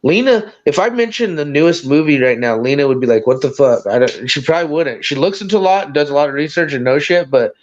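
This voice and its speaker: A man with a high voice hosts a casual livestream, teasing his guests and swearing freely as he laughs through the banter. The sound is dull and lo-fi, like compressed stream audio. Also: lively intonation, quick pace, few pauses. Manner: teasing, profane, laughs often. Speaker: livestream host.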